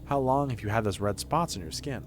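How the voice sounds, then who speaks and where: A man voicing a calm male doctor who questions a patient, reading game dialogue aloud in a measured, clinical way. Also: fairly low pitch, slight background noise, voice pushed down, lightly acted.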